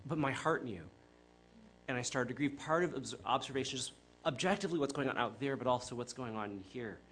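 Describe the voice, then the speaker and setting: A middle-aged man from the Chicago area delivers a sermon in an earnest, reflective tone. His voice sits in an ordinary middle pitch, and he speaks conversationally, often pausing on fillers and correcting himself mid-sentence. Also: expressive, a bit bright, slight background noise. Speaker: preacher.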